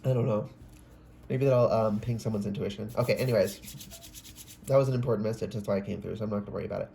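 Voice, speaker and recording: A man's voice: fairly low pitch, fairly even intonation, fast, creaky, mellow, slight background noise. A man giving a casual, rambling tarot reading, often breaking off mid-sentence, swearing and exclaiming. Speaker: tarot reader.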